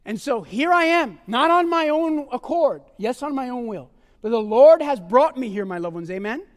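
A man preaching a testimony sermon in an animated way, often calling his listeners "my loved ones" and asking "amen?". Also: very high voice, normal speed, big-room sound.

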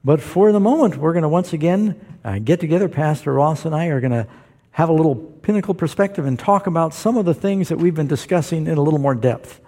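A man's voice: on the high side, lively intonation, quick pace, dark tone. A man preaching as a pastor, explaining Bible verses to a live audience in an emphatic, explanatory way. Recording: long hall reverb.

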